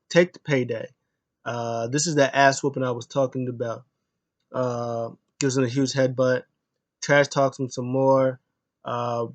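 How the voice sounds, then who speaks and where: A man's voice: medium pitch, highs cut off. A man casually recapping a wrestling match move by move, rambling with lots of uh fillers and restarts. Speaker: wrestling show reviewer.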